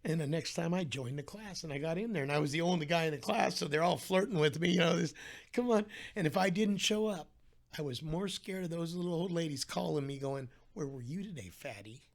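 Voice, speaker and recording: Gravelly man telling his story. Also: on the high side, quick pace. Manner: animated, acts out the voices of people in his story. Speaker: podcast guest. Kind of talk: casual storytelling interview.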